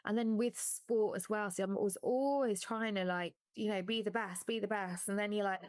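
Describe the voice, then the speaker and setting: A woman's voice: medium pitch, fairly even intonation, normal speed, dry recording. A woman, a former athlete, talking candidly in an interview, laughing at times and close to tears. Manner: candid, laughing, voice catching with emotion. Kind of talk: emotional interview talk.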